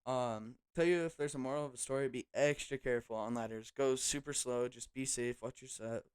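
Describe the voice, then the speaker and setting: A man's voice: mid-range voice, fairly even intonation, fairly quick, a little mellow, clean tone. A young man telling a personal story to his viewers in a casual vlog, with loose slang and lots of fillers. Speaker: vlogger.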